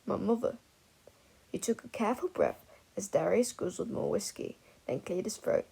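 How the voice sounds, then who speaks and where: A woman narrating a fan fiction audiobook in an expressive, animated way. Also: medium pitch, normal speed, vocal fry, husky, rough recording.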